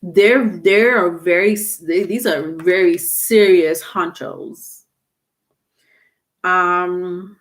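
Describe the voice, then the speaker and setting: A woman doing a live tarot reading, talking casually, halting and repeating words, with some swearing. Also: lowish voice, steady tone. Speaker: tarot reader.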